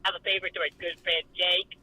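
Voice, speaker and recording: Bright, high-voiced joking man. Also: little pitch movement, fast talker, slight background noise, poor audio. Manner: joking, playful. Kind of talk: casual chat.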